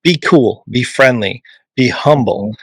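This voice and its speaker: A man's voice: mid-range voice, animated, takes it slowly, gravelly, breathy edge, dry recording, poor audio. A man hosting the interview, a music teacher who lists advice in short, upbeat phrases. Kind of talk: casual interview chat.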